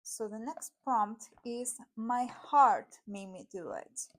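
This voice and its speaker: Slow and on the high side, this woman's voice carries an Argentine Spanish accent; she's from Argentina and Spanish is her first language. As a tarot YouTuber, she chats casually through a deck vlog full of fillers and small apologies.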